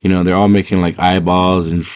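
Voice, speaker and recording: A man's voice: deep voice, level tone, a little fast, a little mellow, smooth, highs cut off. A man casually retelling a movie plot, rambling and slangy with lots of fillers. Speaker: movie fan.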